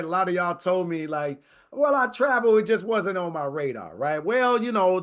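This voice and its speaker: Man host, slightly higher voice, talkative. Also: a bit bright. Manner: chatty, conversational, says "right?" often. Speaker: travel tour host. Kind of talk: casual presentation.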